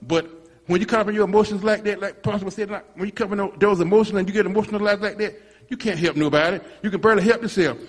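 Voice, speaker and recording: A man's voice: high-pitched, in a large hall. A man telling a rambling church testimony, restarting and repeating himself as he goes. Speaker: congregant giving a testimony.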